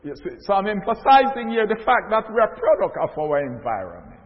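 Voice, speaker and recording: Older man preaching, high voice. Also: sing-song. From Jamaica. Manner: storytelling, slow and deliberate, swelling to loud emphatic stresses. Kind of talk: sermon. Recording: echoey hall, dull lo-fi sound.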